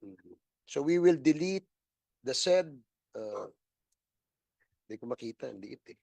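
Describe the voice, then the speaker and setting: A man's voice: medium pitch, animated, measured pace, creaky, dark tone, no echo. A man with a Filipino accent chairing a committee hearing, slipping Tagalog asides into his English. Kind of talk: legislative hearing proceedings.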